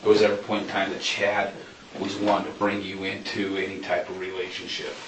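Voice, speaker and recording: Low-voiced man questioning, distant and noisy. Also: monotone, fairly quick. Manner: hesitant, careful phrasing. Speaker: police interviewer. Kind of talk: interview questions. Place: police interview room. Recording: distant mic in echoey room with noise.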